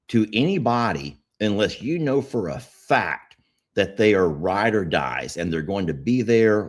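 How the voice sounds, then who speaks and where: A man's voice: lowish voice, slightly rough. Easygoing man telling stories. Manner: rambling storytelling, easygoing. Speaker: podcast co-host. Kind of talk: casual chat.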